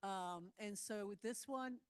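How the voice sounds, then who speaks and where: A woman leads a live training session for volunteer security staff, moving through slides one by one. Her delivery is loose and conversational, with plenty of fillers and frequent check-ins with her listeners. Her voice sits at an average pitch. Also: a little slow, clean tone, long reverb tail. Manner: loose, filler-heavy phrasing.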